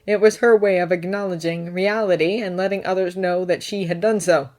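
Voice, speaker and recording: A woman reading fan fiction aloud in steady, even audiobook narration. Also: fairly low pitch, brisk. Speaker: fanfiction narrator.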